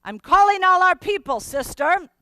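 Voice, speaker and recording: A woman doing a brisk, urgent ship's steward. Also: very high voice, fairly bright tone, no echo, voice pushed up. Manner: quick, urgent, raised voice. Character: loyal male bedroom steward, brisk and urgent.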